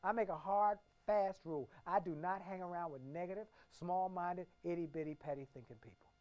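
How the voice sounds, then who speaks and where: Booming, emphatic motivational man speaker. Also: brisk, highs cut off. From Washington, D.C. area. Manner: emphatic, swinging from hushed to booming, repetitive storytelling. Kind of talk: motivational keynote speech.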